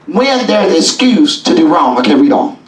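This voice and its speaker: A man preaching a sermon as bishop in a church, folksy and call-and-response, rising now and then into shouts. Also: a little high, sing-song, moderate pace, crowd noise. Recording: echoey church from a distance.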